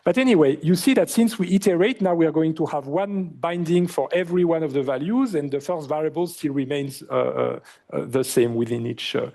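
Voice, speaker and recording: A male university lecturer with a French accent, explaining in a lively lecture and often asking the class questions, with many fillers. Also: fairly high pitch, gravelly. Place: lecture hall.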